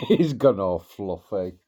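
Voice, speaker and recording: Slow-talking man cooing at pets. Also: mid-range voice, darkish tone, slightly rough. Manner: doting baby talk, kissing noises. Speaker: pet owner filming his dog and parrot. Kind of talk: casual chat with pets.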